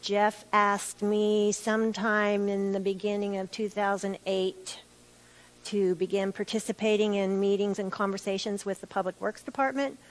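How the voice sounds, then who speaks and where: A woman giving witness testimony at a formal hearing, answering in measured detail with some restarts. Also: mid-range voice, rough recording. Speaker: utility staff witness. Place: hearing room.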